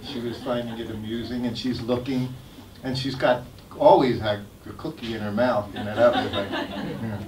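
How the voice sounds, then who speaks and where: An older man tells animated, laughing anecdotes in a plain mid-range voice. He is recorded from a distance in an echoey temple hall with faint background noise. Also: medium pitch, normal speed, a crowd in the background. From United States. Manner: animated, laughs while telling stories. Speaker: guest speaker sharing memories. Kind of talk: anecdotal storytelling talk.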